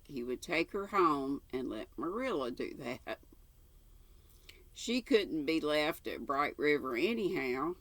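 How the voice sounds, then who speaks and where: An older woman reading a novel aloud in a calm, steady way, with a gravelly voice. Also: deep voice, no echo. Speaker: storyteller.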